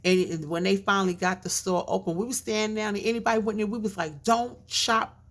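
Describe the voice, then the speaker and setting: A woman's voice: mid-range voice, steady tone, quick pace. A woman vlogger telling a casual story with lots of fillers and asides, her speech a bit mushy from a chain in her mouth.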